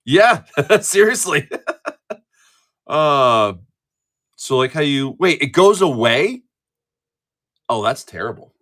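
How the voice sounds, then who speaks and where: Middle-aged male streamer, chatty and profane, bright lively delivery, casual rambling. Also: fairly high pitch, slow pace, pauses often. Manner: chatty, profane, laughs easily; rambling with frequent restarts. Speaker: live-stream card breaker. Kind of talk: casual live-stream chat.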